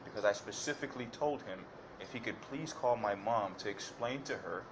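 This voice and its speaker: This defendant's voice is fairly low and brisk, with a faint hiss or hum behind it. He lays out detailed courtroom testimony for the judge, but it comes out hesitant and repetitive, full of fillers and false starts.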